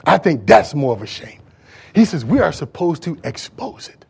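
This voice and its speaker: A man's voice: a little high, very animated, moderate pace, gravelly, darkish tone, husky. A man preaching a sermon in a church, emphatic and conversational, repeating words as he drives his points home. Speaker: pastor.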